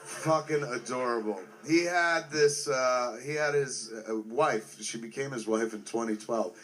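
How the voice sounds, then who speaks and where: Guy in his 40s swearing nonstop, rambly heartfelt talk about a friend, mid-pitched voice. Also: a little slow, fairly bright tone. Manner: profane, rambling, heartfelt, heavy on fillers like "like" and "man". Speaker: filmmaker remembering a friend. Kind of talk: casual spoken tribute.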